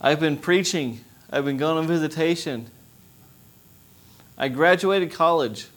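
A young adult man, a missionary preacher, giving an impassioned testimony sermon that rises to loud pleading. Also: a little high, unhurried.

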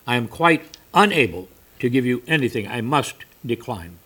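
A man's voice: mid-range voice, very animated, moderate pace, pushed and bright. A man voicing a wealthy, stingy male merchant who gives curt, insistent refusals. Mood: refusing.

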